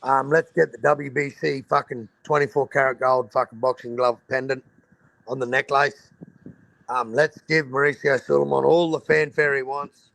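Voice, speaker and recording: A man's voice: medium pitch, steady tone, normal speed, gravelly, a bit bright, no echo. An Australian man hosting a casual boxing livestream over a video call, blunt and swearing freely in Aussie slang. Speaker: boxing talk show host.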